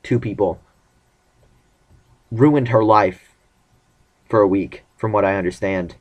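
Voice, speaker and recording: The audio is dull, and the teen boy speaking has a voice on the low side and a slow pace. He rambles casually about his relationship in a personal vlog, acting out the dialogue he quotes.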